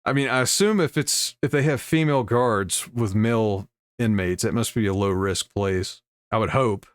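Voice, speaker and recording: A man's voice: fairly low pitch, moderate pace, dry recording. A man hosting a casual commentary video, reading news aloud and adding wry asides with frequent chuckles. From United States.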